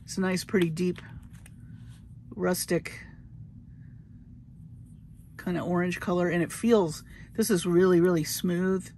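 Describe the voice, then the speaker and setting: A woman's voice: lowish voice, steady tone, unhurried, long pauses, mellow, a little hiss or hum. A woman showing her bead haul in a casual, gushing, chatty way. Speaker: crafting vlogger. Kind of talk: casual show-and-tell haul.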